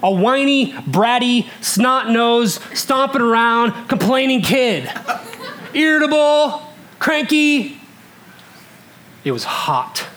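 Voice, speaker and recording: Before a live audience, a thirtysomething man from Alaska tells a comic story in a high voice, laughing as he goes. His pitch jumps and falls all over, his pace is slow, and he swings from loud bursts to hushed asides. Faint room noise sits in the background.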